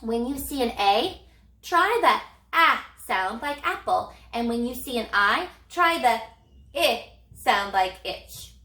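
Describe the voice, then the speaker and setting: A woman elementary reading teacher guides young children through sounding out words, speaking slowly with a sing-song lilt and lively prompts. Her voice is bright and a little high. The sound carries an echo from the room. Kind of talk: phonics lesson for young children.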